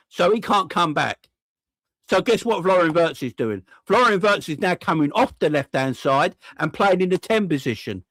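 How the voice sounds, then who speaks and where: Furious sweary football fan. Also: male voice, sits high, fairly bright tone, no echo. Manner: furious, sweary, repeats himself, asks rhetorical questions. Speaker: football fan channel host. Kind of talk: angry fan reaction rant.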